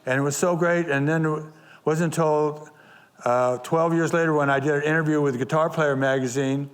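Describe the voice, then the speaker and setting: Brief: older male musician guest, slightly higher voice, meandering storyteller full of "uh"s. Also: fairly even intonation, moderate pace. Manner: rambling, many fillers and restarts. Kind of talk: anecdotal interview storytelling.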